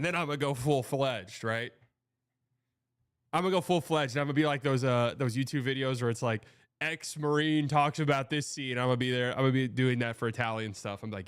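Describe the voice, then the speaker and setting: A man's voice: medium pitch, a little fast, clear, resonant tone, no echo, clean studio sound. A young man from Texas hosting a show, reading viewer comments in a loose, rambling, chatty way. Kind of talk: casual livestream chat.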